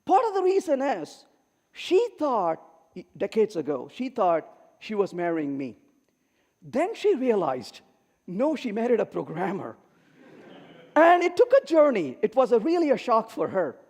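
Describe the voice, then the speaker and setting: A high-pitched, unhurried middle-aged man gives a comic keynote to a large conference hall, where the recording echoes. He tells stories with animation, voicing the quoted lines of the people involved.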